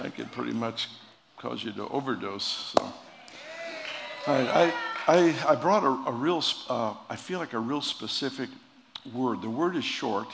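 Male preacher, jokey and halting, gravelly voice, long hall reverb with faint noise. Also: mid-range voice. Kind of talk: sermon with jokes.

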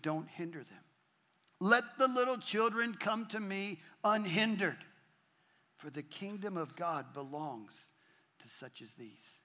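A man preaching in a church, his voice high and bright. He reads scripture and builds emphasis through repeated phrases, rising for key lines. A long reverb from the sanctuary trails each phrase. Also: expressive, slow pace. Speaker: pastor. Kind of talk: sermon.

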